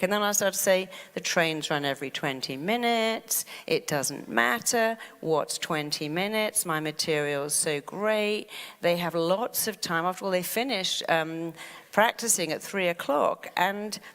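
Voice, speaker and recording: Animated woman speaker in a big reverberant hall. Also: on the low side. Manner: animated, acts out quoted worries in a fast fretful voice. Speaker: therapist and speaker. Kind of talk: motivational talk.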